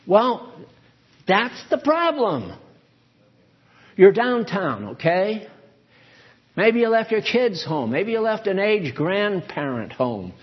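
A man with a high voice preaches in a loose, folksy way. He drifts off on asides and turns questions to his listeners. The recording sounds dull and lo-fi. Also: big pitch swings, slow pace, pauses often, breathy edge. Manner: conversational, digressive, asks the listeners questions. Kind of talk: folksy sermon reading and explaining scripture.

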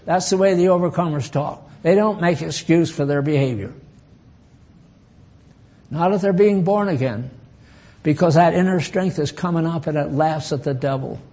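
A man's voice: fairly high pitch, normal speed, dark tone. An older man preaching a folksy sermon, bantering with the congregation and chuckling at his own asides.

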